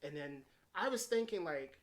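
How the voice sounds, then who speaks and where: Male movie reviewer, slightly higher voice, loose rambling delivery full of fillers. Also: expressive, moderate pace, fairly bright tone. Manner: rambling, heavy on fillers and restarts; retells scenes in paraphrased quotes. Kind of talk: casual unscripted film review.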